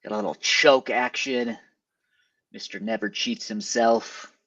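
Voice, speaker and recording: A man who photographs events and does stand-up comedy, chatting casually and telling stories with lively energy. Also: medium pitch, a little slow, no echo, lo-fi sound. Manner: animated storyteller, jumps into quoted voices. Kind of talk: casual chat.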